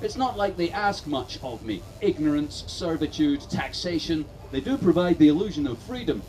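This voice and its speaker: Sardonic profane comedian ranting on stage. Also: male voice, a little high, animated, normal speed, far from the mic, background noise. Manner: sardonic, profane, building to shouts. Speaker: stand-up comedian. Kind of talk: satirical stand-up rant. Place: outdoor festival stage.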